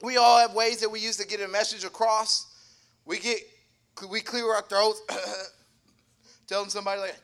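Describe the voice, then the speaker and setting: A young man giving a sermon, humorous and animated, acting out little voices in his asides. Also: high-pitched, normal speed, long pauses. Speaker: preacher.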